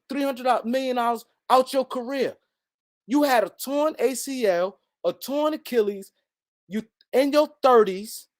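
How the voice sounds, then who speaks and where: A man's voice: extremely high pitch, moderate pace. Fired-up man ranting about sports. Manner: fired up, repeats points for emphasis, talks to absent players. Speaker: sports commentary host. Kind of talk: heated solo sports rant.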